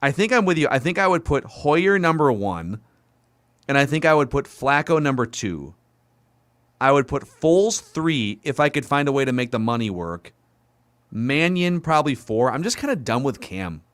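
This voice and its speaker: A man's voice: medium pitch, expressive, normal speed, a bit bright, dry recording. A man co-hosting a sports podcast, talking casually and thinking aloud with frequent questions. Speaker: podcast co-host.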